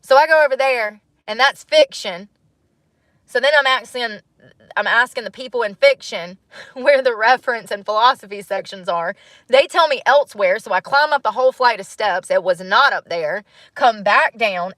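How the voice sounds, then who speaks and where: A woman in her thirties, talking to her channel in a casual, reflective monologue, musing and animated, with frequent laughs. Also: on the high side, normal speed, no echo. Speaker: vlogger.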